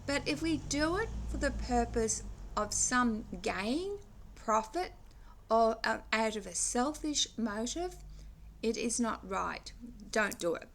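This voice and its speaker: A woman's voice: a little high, expressive, slow pace, gravelly, a little hiss or hum. An English woman in her sixties giving an earnest, rambling reflective monologue for her vlog, restarting sentences as she moralizes. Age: 60s. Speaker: vlogger.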